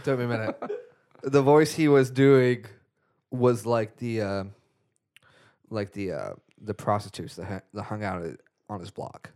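A man's voice: lowish voice, fairly even intonation, measured pace, long pauses, a little mellow, clear, resonant tone. A man co-hosting a podcast, chatting casually about a film and making dry, teasing remarks. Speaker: podcast co-host. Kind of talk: casual chat.

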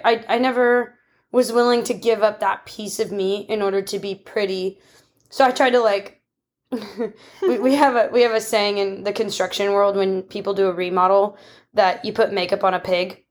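Woman, young adult, podcast co-host, casual reflective chat, medium pitch. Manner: candid, reflective, with frequent restarts and laughs. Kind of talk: casual conversation.

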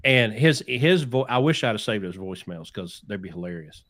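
A man's voice: fairly low pitch, animated, moderate pace, hardly any pauses, a bit bright. A man hosting a podcast, telling stories in a casual chat and acting out the people he quotes. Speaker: podcast host, trucking business owner.

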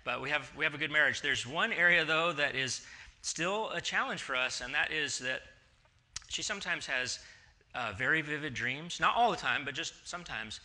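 A man in his forties, a pastor, giving a relaxed, conversational sermon in a church and acting out bits of dialogue as he tells stories. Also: on the high side, moderate pace. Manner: chatty storytelling, acting out dialogue. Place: church sanctuary.

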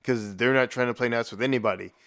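A man's voice: mid-range voice, fast, a bit bright. A man giving a profane, rambling rant in blunt, casual commentary, with frequent restarts.

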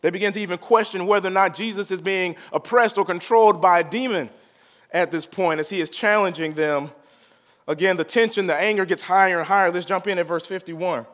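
A male pastor delivers a sermon in a high-pitched voice at a quick pace, pulling the congregation into call-and-response. His volume swings from quiet to loud.

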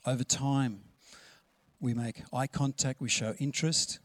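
A man's voice: medium pitch, fairly even intonation, a little slow, dry recording. A man preaching a sermon in a conversational, storytelling way, acting out the dialogue he quotes. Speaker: pastor.

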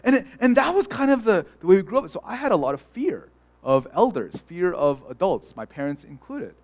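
A man's voice: high-pitched, big pitch swings, brisk, darkish tone. A young adult man, a pastor, preaching a sermon in a chatty storytelling way with many fillers and restarts. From United States.

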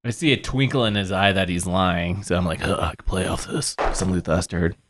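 A man's voice: low voice, steady tone, brisk, fairly bright tone, dry recording, clean studio sound. A man playing in a tabletop role-playing game, talking loosely and jokily with many fillers. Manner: loose and jokey, lots of "like". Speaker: player.

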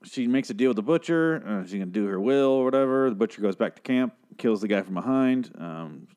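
A man's voice: fairly low pitch, animated, brisk, darkish tone, clear, resonant tone. A man giving a casual, rambling episode recap, profane and opinionated, swearing freely. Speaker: TV show recapper.

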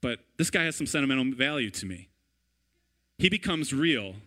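Bright-voiced animated man preaching. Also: mid-range voice, moderate pace. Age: 30s. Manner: animated, conversational, repeats "right?" and "all right?". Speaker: pastor. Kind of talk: sermon.

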